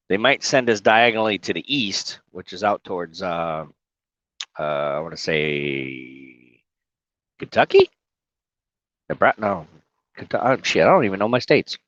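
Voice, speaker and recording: Rambling, cussing trucker on a livestream. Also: male voice, low voice, a bit bright, dry recording, muffled recording. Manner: rambling, profane, talks to viewers by name. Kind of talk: casual livestream chat. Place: inside his truck cab. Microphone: phone.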